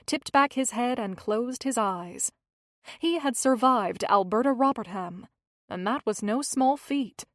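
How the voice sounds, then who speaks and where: Brief: female audiobook narrator, measured scripted read, fairly high pitch. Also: no echo, studio quality.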